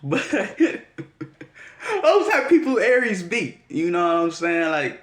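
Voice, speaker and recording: Profane rambling man in an echoey room. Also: mid-range voice. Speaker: astrology vlogger. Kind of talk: casual monologue.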